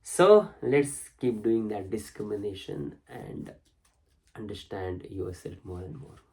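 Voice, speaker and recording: Gravelly low-voiced male spiritual teacher. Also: animated, a little mellow, low-quality recording. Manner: slow and contemplative, with emphatic rises. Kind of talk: reading and explaining a spiritual text.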